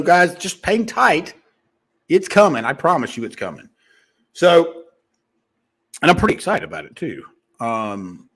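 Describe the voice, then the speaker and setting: A man talking fast as a sales coach, giving a rambling motivational monologue to his viewers with frequent restarts. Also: high voice, fairly bright tone.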